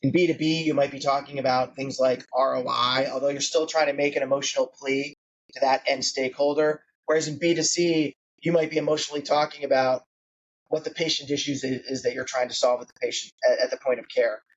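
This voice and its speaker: A man's voice: mid-range voice, flat delivery, fairly quick, highs cut off, slight background noise. A man in his late forties, a founder being interviewed on a podcast, talking conversationally with many fillers. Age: 40s. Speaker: guest founder.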